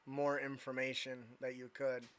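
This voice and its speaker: A man's voice: mid-range voice, completely flat delivery, normal speed, a bit bright. Casual game master, chatty man who eats while narrating, tabletop game. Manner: laid-back and chatty, eating while he narrates.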